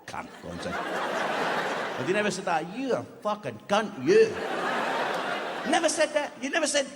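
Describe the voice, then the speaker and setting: A man's voice: high-pitched, huge pitch swings, measured pace, very noisy. A man doing a live stand-up routine, telling crude stories with heavy swearing. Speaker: stand-up comedian. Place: large theatre stage. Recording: echoey hall with loud audience. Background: live audience laughing.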